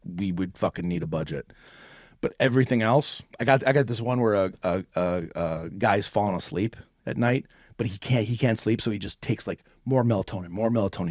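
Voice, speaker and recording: A man's voice: lowish voice, a little mellow, no room sound, studio quality. A man co-hosting a podcast, rambling and swearing in casual chat, says like a lot. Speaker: podcast co-host.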